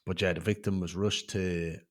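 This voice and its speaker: A man's voice: sits low, fairly even intonation, normal speed. A man hosting a true crime channel, talking casually through news headlines with many fillers and blunt reactions.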